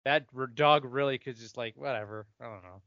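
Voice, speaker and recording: A man's voice: medium pitch, fairly quick, fairly bright tone, no room sound. A man chatting casually about a film as a commentary co-host, rambling and hedging his points. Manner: rambling, hedging, restarting sentences. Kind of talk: casual movie commentary chat. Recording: dry, dull lo-fi audio.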